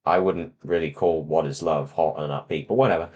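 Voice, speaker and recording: A man's voice: extremely low pitch, steady tone, a little fast, hardly any pauses, a little mellow. A man reading a children's novel aloud to friends, breaking off with sarcastic asides. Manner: sarcastic asides, mock-dramatic. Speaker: reader on a voice chat.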